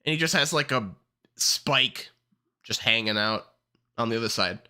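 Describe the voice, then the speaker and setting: A streamer ranking characters in casual livestream commentary, excitable and heavily profane, swinging between ranting and laughing. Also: medium pitch, normal speed, clear, resonant tone.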